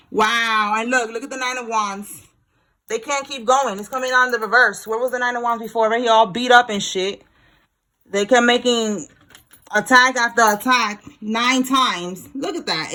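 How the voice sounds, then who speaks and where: A woman with a slightly high voice leads a casual tarot reading and talks straight to her viewers. Her tone is blunt and slangy, and she swears freely. She keeps it loose and chatty throughout. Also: pushed and bright. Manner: talks to viewers directly while pulling cards. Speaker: tarot reader.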